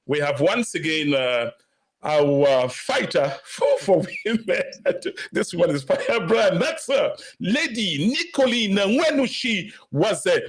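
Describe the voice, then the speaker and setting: A middle-aged man hosts a talk show with an upbeat, effusive warmth. His voice sits a little higher than most men's, and he pauses often on "uh" fillers as he searches for words. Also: very animated. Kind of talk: casual live talk show hosting.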